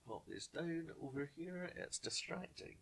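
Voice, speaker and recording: A man's voice: on the high side, lively intonation, unhurried, gravelly, fairly bright tone, husky. A man hosting an online pub quiz, reading each question twice and dropping jokey asides to viewers. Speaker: quiz host.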